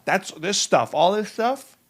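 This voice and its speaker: Upbeat young host from New Jersey. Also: male voice, high voice, animated. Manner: upbeat, quick reactions and laughs. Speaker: podcast host. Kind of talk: casual interview chat.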